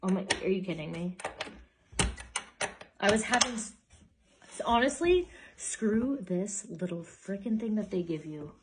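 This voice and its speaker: A young woman talks her way through building furniture at home, chatty and openly exasperated, tossing in the odd swear word. Her pitch sits in a middle range for a woman, and clear clicking and tool noises run behind her voice. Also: expressive, unhurried, long pauses, background noise. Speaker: vlogger. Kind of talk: casual chat while assembling furniture.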